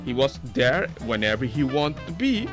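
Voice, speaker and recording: A man giving excitable, jokey commentary over gameplay footage. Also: mid-range voice, normal speed, music in the background. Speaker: video creator.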